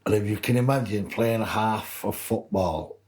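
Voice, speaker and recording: A man's voice: fairly low pitch, moderate pace, a little mellow. Older Wigan man telling stories. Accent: Wigan, Lancashire. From England. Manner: anecdotal, laughs through his stories. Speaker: guest, former rugby league player. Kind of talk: casual storytelling in interview.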